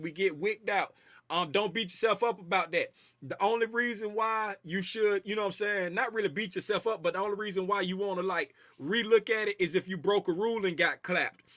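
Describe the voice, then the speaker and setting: High bright-voiced man hosting a trading stream. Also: no echo, studio quality. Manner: loose, slangy, repeats phrases. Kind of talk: casual livestream chat reading viewer comments.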